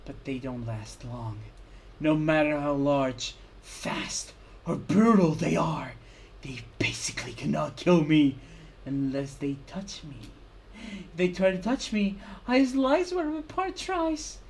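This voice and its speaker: A woman streamer giving an intense dramatic reading of a visual novel, swinging from hushed whispers to loud cries. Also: low-pitched, takes it slowly. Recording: clear background music.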